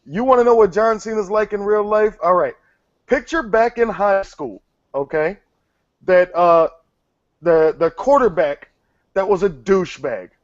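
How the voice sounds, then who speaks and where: Speaking a little slowly in a high-sitting voice, a man runs his own interview show, where he teases his guest bluntly and swears freely in casual conversation. The audio is a dry, muffled lo-fi recording.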